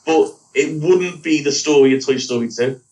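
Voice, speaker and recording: A man's voice: fairly high pitch, normal speed, a little mellow, muffled recording. A man co-hosting a podcast, recapping an episode in a rambling casual way and correcting himself as he goes. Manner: rambling, self-correcting, laughs at own slips. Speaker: podcast co-host. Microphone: wrong mic picking him up from afar. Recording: distant from the mic.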